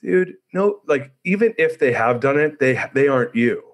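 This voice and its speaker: A man's voice: mid-range voice, animated, moderate pace. Laid-back man hosting a podcast. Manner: laid-back, says "dude" and "man" a lot. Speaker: podcast host. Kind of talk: casual interview chat.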